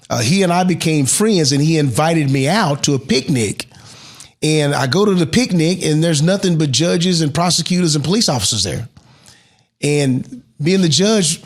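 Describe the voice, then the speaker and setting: A middle-aged man recounts his story as an interview guest. His voice is husky, his pitch sits in an ordinary middle range, and he swings from excited rises to near-whispered moments. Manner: animated storyteller who drops to a hush at emotional moments. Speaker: interview guest, motivational speaker.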